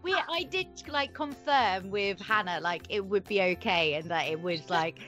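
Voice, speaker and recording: A woman's voice: medium pitch, animated, moderate pace, fairly bright tone, faint music behind. A woman co-hosting a casual interview, giggly and rambling, full of "like" fillers. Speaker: interviewer, co-host.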